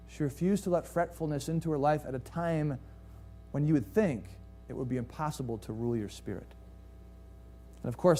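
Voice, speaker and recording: Guy pastor with a fairly high voice, preaching a sunday sermon, asks the crowd questions, goes big then drops real quiet. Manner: storytelling with rhetorical questions to the congregation; swings between lively rises and quiet, hushed drops.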